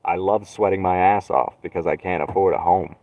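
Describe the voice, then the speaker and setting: A man's voice: deep voice, fairly even intonation, a little fast. Sarcastic man rambling on a tinny stream. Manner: sarcastic, rambling, swearing, dark jokes. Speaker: live streamer. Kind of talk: rambling solo live stream. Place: inside a van. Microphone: phone.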